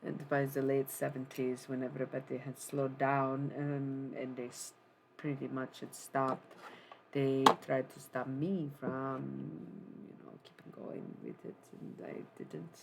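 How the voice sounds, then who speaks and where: A streamer doing a put-on German accent to channel a late punk singer as a world-weary woman in a live-stream role-play, speaking slowly and haltingly with many pauses. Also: mid-range voice, little pitch movement, vocal fry, noisy background. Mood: wistful, defiant. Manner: slow, halting, reflective confession with many pauses.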